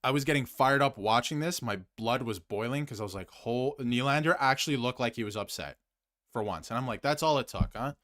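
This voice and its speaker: Speaking a little fast, at medium pitch and with a slightly bright tone, a man delivers a fired-up solo hockey rant to camera while reading super chats on his commentary stream. He hammers phrases through repetition and slips into muttered asides.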